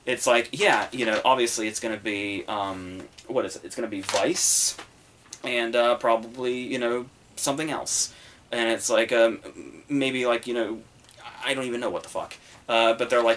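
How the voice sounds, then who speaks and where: A man's voice: medium pitch, steady tone, moderate pace, noisy background. A man hosting a podcast, giving casual solo commentary in a rambling, profane way full of fillers. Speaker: podcast host reviewing the Oscars.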